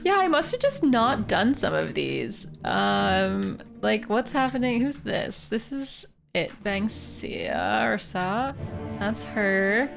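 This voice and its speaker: A woman's voice: medium pitch, wildly swooping pitch, slow pace, gravelly, music in the background. A woman from Canada, a streamer, thinking aloud in casual, playful live game commentary.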